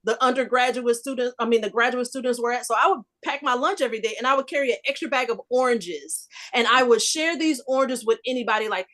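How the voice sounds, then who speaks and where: A woman in her fifties telling a personal story in a casual group discussion, animated and emphatic. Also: high voice, quick pace, hardly any pauses. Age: 50s. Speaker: discussion panelist.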